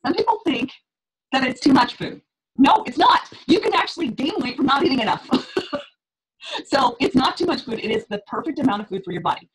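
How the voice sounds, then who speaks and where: A middle-aged woman leads a fitness coaching call in a lively, chatty way. She laughs often and acts out what her clients say. Her voice sits a little high, with a faint hiss of noise under the recording. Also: fairly quick, low-quality recording.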